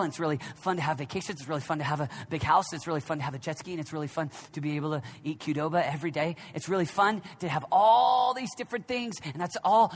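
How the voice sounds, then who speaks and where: A man in his thirties preaching a sermon, dropping to a near whisper and then rising to shouts. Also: fairly high pitch, husky. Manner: swings from hushed, near-whispered reflection to loud, shouted exhortation. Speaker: pastor. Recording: long reverb of a large hall.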